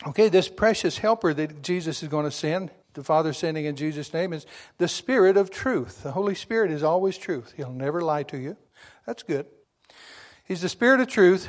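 A middle-aged male preacher with a notably high voice delivers a sermon. He reads and explains scripture with exuberant emphasis and now and then breaks into shouts. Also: expressive, moderate pace.

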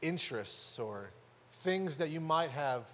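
A man preaching a sermon in a conversational way, asking rhetorical questions and rising to loud emphasis. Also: a little high, animated, measured pace, slight background noise. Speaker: pastor. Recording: long hall reverb.

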